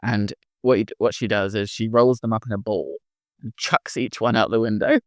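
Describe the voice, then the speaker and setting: A father narrating an improvised bedtime story in a playful, animated way. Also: fairly low pitch, moderate pace, no room sound, clean studio sound.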